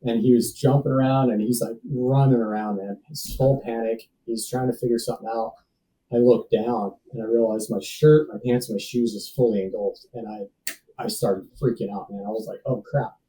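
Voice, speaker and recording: Dark-voiced man telling a story casually. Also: medium pitch, steady tone, moderate pace, distant mic, a little hiss or hum, poor audio. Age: 30s. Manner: casual and slangy, calls the listener dude and bro. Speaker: podcast guest, safety professional. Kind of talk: personal storytelling in a conversation.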